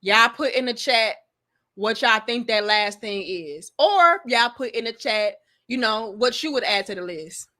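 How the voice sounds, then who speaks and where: Woman streamer, bright and punchy, brash and profane, slightly high voice. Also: unhurried. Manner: blunt, profane, animated storytelling. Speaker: livestream host reading chat. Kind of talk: casual livestream chat.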